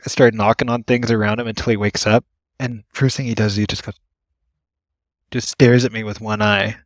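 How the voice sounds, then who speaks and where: With a fairly low pitch and long pauses, a young ambulance AEMT speaks at normal speed as a guest in a casual podcast chat. He tells work stories in an animated way, often laughing and acting out the people he's quoting, in a dry recording.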